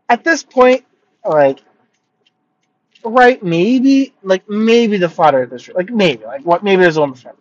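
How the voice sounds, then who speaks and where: A young man tells travel stories in a casual vlog, rambling and full of filler words. His voice sits high and lively. The sound is slightly dull and lo-fi. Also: moderate pace, no room sound. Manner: rambling, filler-heavy, animated storytelling. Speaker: vlogger.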